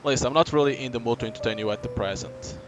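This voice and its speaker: A man's voice: medium pitch, racing, muffled recording, natural voice. A man playing Reinhard, a scornful bully. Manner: curt and scornful. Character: crude, bullying adult male businessman. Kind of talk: video game voice acting.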